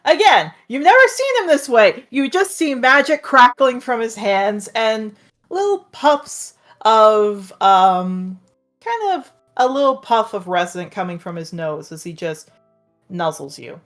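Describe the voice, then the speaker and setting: Animated woman narrating a tabletop game. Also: a little high, unhurried, soft background music. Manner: animated, describes scenes with loose fillers. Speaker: game master.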